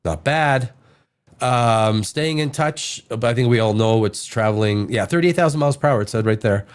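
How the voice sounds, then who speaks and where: A man's voice: medium pitch, normal speed, clear, resonant tone. A man hosting a casual livestream podcast, reading science news aloud with rambling asides while fighting a bad cold. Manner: rambling, joking, reads articles aloud with asides. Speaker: podcast host.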